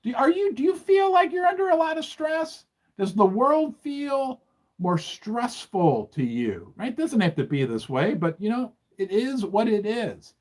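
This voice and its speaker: A man hosting a livestream, talking in an animated, indignant way and firing questions at his audience. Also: extremely high pitch, measured pace. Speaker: host. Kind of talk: livestream commentary.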